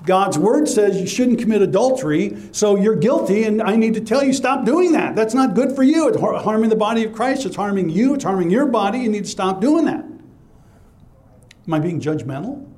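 A man's voice: high voice, lively intonation, moderate pace, darkish tone. A man preaching a sermon as pastor, emphatic and conversational, asking rhetorical questions and answering them himself.

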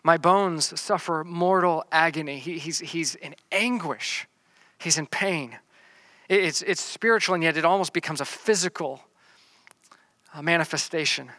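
A man preaching a sermon, reading scripture verses slowly and then explaining them in plain talk, often repeating words as he restarts. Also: a little high, pushed and bright, no room sound. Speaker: pastor. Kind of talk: sermon teaching through a psalm.

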